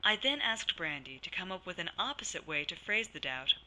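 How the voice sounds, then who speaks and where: Woman counselor, scripted teaching narration, very bright tone, lively pitch. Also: rough recording. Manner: measured, reads scripted case examples.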